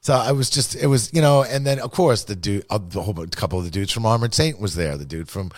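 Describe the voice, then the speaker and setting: A man's voice: on the low side, fast talker, dry recording, studio quality. A man telling a rambling, profane, self-deprecating story in casual podcast talk.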